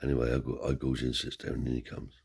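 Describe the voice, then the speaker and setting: A man's voice: rumbling low, monotone, quick pace, vocal fry, darkish tone, slightly rough. A man telling a family story in a rambling, casual way, slipping in Romani cant words and tag questions. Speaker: storyteller and channel host.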